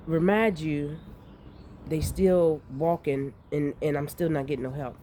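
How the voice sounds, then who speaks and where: A woman, telling a dream in a rambling, profane, animated way. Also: low-pitched, moderate pace, a little hiss or hum. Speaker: vlogger recounting a dream. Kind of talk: casual storytelling.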